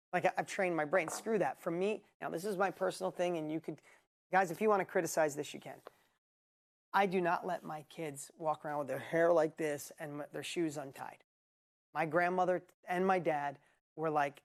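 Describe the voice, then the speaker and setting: A man's voice: a little high, steady tone, moderate pace. A man coaching a live group, answering questions in a blunt, emphatic, motivational way. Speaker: business coach and host.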